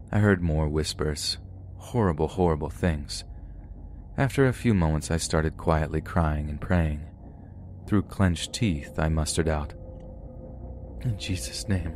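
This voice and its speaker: A man reading a first-person scary story as a narrator, grave and steady. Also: very deep voice, a little hiss or hum. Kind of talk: scripted horror story narration.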